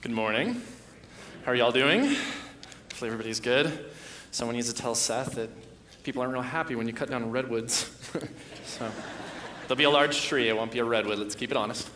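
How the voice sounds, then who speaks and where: A man's voice: mid-range voice, a little fast, pushed and bright. A man in his thirties preaching a sermon, telling a family story and acting out his young daughters' voices. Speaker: pastor. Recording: echoey church hall.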